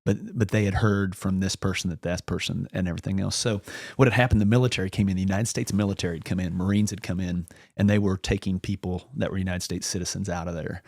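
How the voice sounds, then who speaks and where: Deep gravelly man telling a story. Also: fairly even intonation, fast, few pauses, darkish tone, no room sound, studio quality. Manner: rambling anecdotal, acts out quoted dialogue. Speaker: podcast guest. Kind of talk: casual storytelling.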